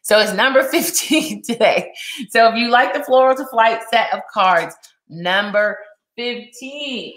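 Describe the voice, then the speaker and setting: A woman hosts an online sales show in a playful, theatrical manner. Her voice is bright and fairly high, and she talks at an unhurried pace. The room around her has a noticeable echo. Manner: sing-song, theatrical introductions. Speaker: livestream host.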